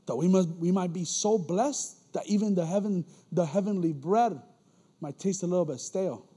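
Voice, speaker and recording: A man preaching a casual, animated sermon in a church as an elder, using slang and acting out quoted voices. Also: high-pitched, moderate pace, slightly rough, long reverb tail.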